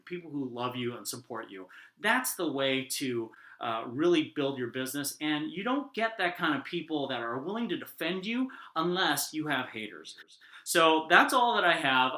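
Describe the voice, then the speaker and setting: A man's voice: on the high side, pushed and bright. A man who works as a business mentor and angel investor gives casual, upbeat advice to camera, chatty and full of fillers. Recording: roomy echo with faint guitar music.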